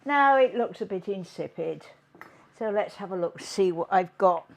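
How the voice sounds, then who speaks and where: A woman hosting a home cooking demonstration, chatting in an unhurried way as she works in her kitchen. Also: mid-range voice, animated, creaky. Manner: chatty, unhurried, talks while working. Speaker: cooking show host.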